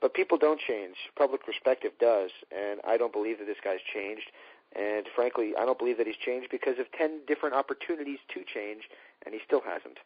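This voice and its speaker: A man's voice: medium pitch, a little fast, husky. A man co-hosting a casual wrestling talk show, speaking in an opinionated, sarcastic way. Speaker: podcast co-host. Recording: dull lo-fi dry recording.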